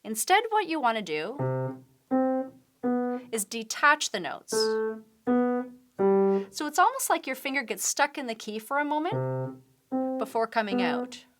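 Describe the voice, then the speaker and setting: Lively-voiced woman teaching piano. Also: high-pitched, measured pace, pauses often. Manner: patient, explains step by step while demonstrating at the piano. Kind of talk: piano tutorial instruction. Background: piano playing.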